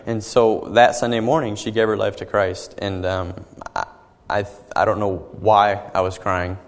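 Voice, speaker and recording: A young man giving an earnest personal testimony as a sermon, halting and often repeating his words. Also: on the low side, level tone, long reverb tail. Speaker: young preacher.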